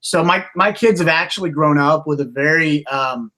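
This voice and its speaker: A man co-hosts a podcast in relaxed conversation. His voice sits a little high and rings bright and forceful. He talks in halting bursts, restarting phrases and slipping into animated voices for the people in his stories. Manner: halting storytelling with many restarts; animated, acts out quotes. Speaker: podcast co-host. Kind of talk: casual podcast chat.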